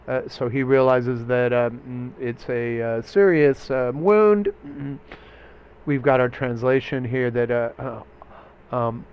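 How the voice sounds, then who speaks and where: A male teacher giving a recorded literature lecture, hesitant, full of fillers and throat-clearing. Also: medium pitch, takes it slowly, muffled recording.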